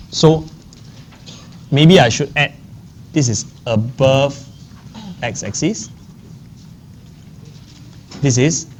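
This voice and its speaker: A man's voice: mid-range voice, a little mellow, slight background noise. A man lecturing a maths class. He often checks in with the class and repeats key phrases. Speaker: maths teacher.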